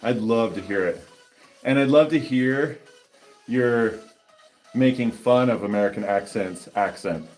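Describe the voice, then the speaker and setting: A man's voice: medium pitch, a little slow, pauses often, a little mellow, roomy sound, soft background music. A man hosting a fitness channel, chatting casually and laid-back with viewers during a workout.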